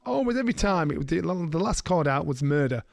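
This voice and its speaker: Middle-aged man, podcast co-host, fairly high voice on a dry close mic, animated storyteller who does the voices. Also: brisk, creaky, no echo. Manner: animated storyteller, slips into voices of people he quotes. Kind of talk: casual storytelling chat.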